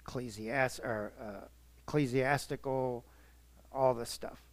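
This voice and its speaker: A male pastor preaching an earnest, emotional sermon, his voice swelling and dropping in volume and slowing to stress words. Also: mid-range voice, steady tone, no room sound.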